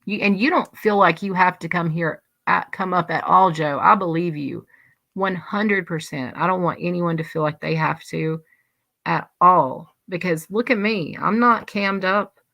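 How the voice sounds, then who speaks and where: A woman's voice: lowish voice, unhurried, creaky, a bit bright, no echo. A woman hosting a livestream, chatting casually and rambling as she reads and answers live comments. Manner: rambling, chatty, many restarts. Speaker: livestream host.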